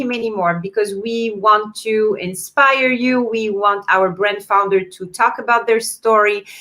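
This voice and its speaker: A woman with a non-native English accent, hosting a live online event and reading out viewer comments with many fillers. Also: mid-range voice. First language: not English. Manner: warm encouraging, reads viewer comments aloud with fillers. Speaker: host. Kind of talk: live-streamed event chat.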